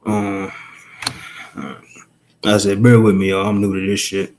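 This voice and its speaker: A man ranting on a casual live stream, profane and emphatic, firing off rhetorical questions in quick rambling bursts. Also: on the low side, flat delivery, a little mellow, a little hiss or hum. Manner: fast rambling outbursts.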